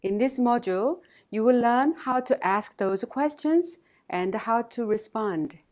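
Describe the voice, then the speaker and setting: Careful woman language teacher, fairly high voice. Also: darkish tone. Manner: slow, careful, instructive delivery with repeated model phrases. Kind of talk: scripted lesson narration.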